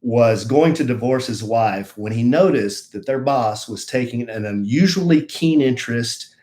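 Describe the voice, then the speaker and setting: A middle-aged man co-hosting a casual live stream, teasing and dry, reading a news article with halting fillers. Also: mid-range voice, animated, darkish tone. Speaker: radio show co-host.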